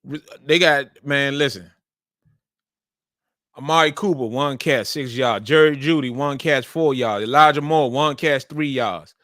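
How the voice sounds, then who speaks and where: A man hosts a sports show, talking about football in a casual, emphatic, colloquial way and repeating his points over and over. His voice is mid-range and fairly bright, with a measured pace. The recording is dry and studio quality.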